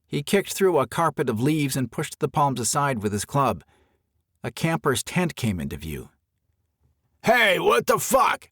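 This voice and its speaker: Male audiobook narrator, lively pitch, dry close sound. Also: moderate pace, dry recording. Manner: expressive storytelling. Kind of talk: scripted narration.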